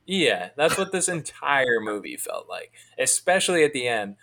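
A man telling a long story in a casual chat, in a fairly monotone, rambling way with many restarts. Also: medium pitch, moderate pace, gravelly.

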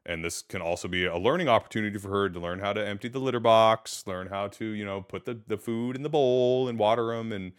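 A man in his thirties hosting a casual podcast chat. He tells animated stories and laughs often. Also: lowish voice, fast, few pauses, clean tone. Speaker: podcast host.

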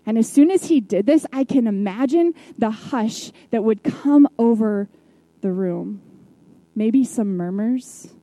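A woman preacher retelling a Bible story in a sermon, reflective, with soft hushed drops at key moments. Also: fairly high pitch, expressive, a little slow, no echo, rough recording.

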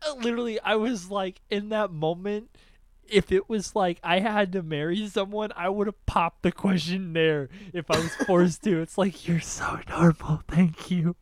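A man's voice: sits high, steady tone, normal speed. Laughing teenage guy telling stories. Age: late teens. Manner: storytelling with bursts of wheezing laughter. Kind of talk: casual chat.

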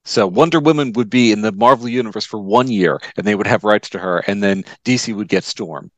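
Low-voiced man explaining calmly. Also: brisk, no room sound. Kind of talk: casual chat.

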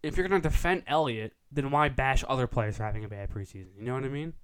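A young man co-hosting a casual sports podcast, excitable and profane, quick to overreact. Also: medium pitch, clear, resonant tone. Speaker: podcast co-host.

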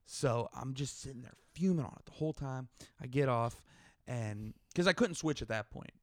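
A man's voice: mid-range voice, lively intonation, normal speed, no room sound, clean studio sound. A young man co-hosting a podcast, telling a story in casual chat and acting out both sides of it. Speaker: podcast co-host.

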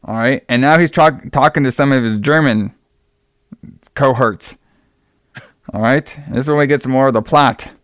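A man's voice: mid-range voice, normal speed, long pauses, a bit bright, no room sound, clean studio sound. A young man casually recapping a film plot, rambling and full of fillers. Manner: rambling, many fillers and restarts.

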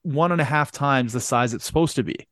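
A man's voice: mid-range voice, fairly quick, a bit bright, no echo, studio quality. A man hosting a podcast who tells a workplace story with lots of swearing, laughing and acted-out quotes. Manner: laughs often, swears, acts out quoted lines. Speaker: podcast host. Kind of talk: casual storytelling chat.

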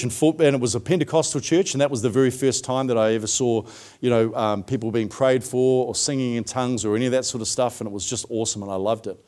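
A man's voice: medium pitch, a little mellow. A middle-aged man preaching a sermon, telling his own story in a conversational way with frequent fillers.

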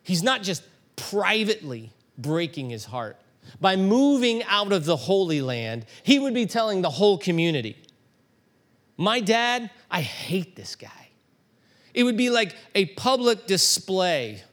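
Middle-aged male preacher, slightly high voice, lively storytelling sermon, builds to emphatic peaks. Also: normal speed. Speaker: pastor.

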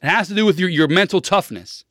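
A man in his thirties hosting a solo podcast with a fairly high voice. He talks bluntly and preaches, repeating short commands for emphasis. The sound is close and dry, with no room around it. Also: quick pace, a bit bright, dry recording. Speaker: podcast host. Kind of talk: casual solo podcast monologue.

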